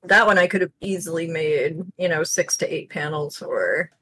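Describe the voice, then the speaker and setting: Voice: medium pitch, moderate pace, sharp tone, rough recording. A comic artist explaining ideas matter-of-factly in casual chat, with fillers. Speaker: comic artist and podcast co-host.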